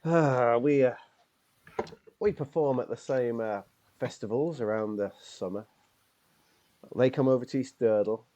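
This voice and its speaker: A man's voice: medium pitch, unhurried, long pauses, dark tone, lo-fi sound, close to an everyday voice. A man voicing a proud, fussy middle-aged male Morris dancer who rambles on opinionatedly and says "aye," improvised in a role-play game. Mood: boastful.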